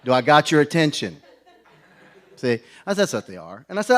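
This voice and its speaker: A man's voice: on the high side, very animated, brisk. A middle-aged man preaching a conference sermon, folksy and joking, with stumbling restarts. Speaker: pastor.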